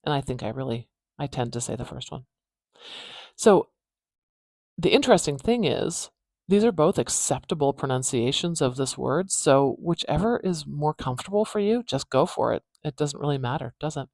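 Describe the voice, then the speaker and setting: A woman, a speech pathologist who teaches phonetics in a casual lesson and repeats words slowly to demonstrate their sounds. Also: low-pitched, animated, darkish tone, no room sound, clean studio sound.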